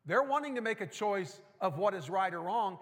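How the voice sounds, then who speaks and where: A man with a high voice preaches a sermon in a church sanctuary. He is folksy and animated, and he tosses in joking asides. A long reverb trails his words through the hall. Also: moderate pace. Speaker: pastor.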